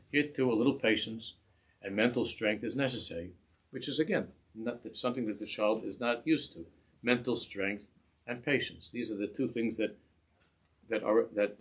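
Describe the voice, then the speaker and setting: A man giving a religious lesson in a measured way, often repeating phrases as he searches for words. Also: fairly low pitch, husky. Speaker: religious teacher. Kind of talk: instructional talk to parents.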